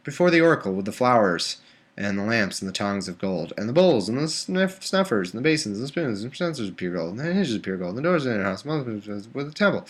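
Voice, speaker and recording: A man's voice: lowish voice, very animated, fast. A man live-streaming from home, reading scripture aloud and breaking off into exasperated, sarcastic rants. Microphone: webcam or desktop mic.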